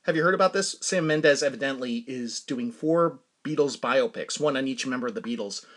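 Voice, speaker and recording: In a mid-range, fairly bright voice that moves a little fast, a middle-aged podcast host from Massachusetts chats solo, wandering through stories and laughing often along the way.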